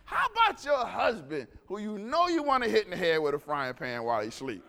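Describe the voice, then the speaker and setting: A man preaching to his congregation in a high, bright voice. His pitch leaps all over as he tells stories and calls for responses. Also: a little fast, creaky, slight background noise. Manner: animated, call-and-response with congregation. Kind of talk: lively sermon with storytelling.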